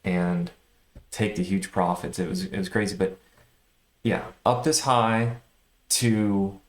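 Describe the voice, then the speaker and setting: Man, low voice, casual trading recap, animated and exasperated, echoey room. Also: slow. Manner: animated, swings between excited and frustrated. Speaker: day trader vlogger.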